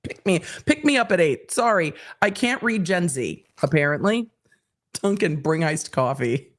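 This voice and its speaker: A woman's voice: lowish voice, expressive, moderate pace. A woman hosting a live stream, reading out social media replies with laughing, incredulous reactions. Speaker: host.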